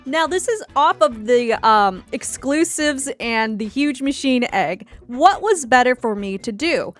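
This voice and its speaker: A woman's voice: high-pitched, fairly bright tone. A woman hosting a gaming video, chatting casually and reacting with lots of exclamations. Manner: chatty, exclamatory, laughs easily. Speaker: gaming channel host.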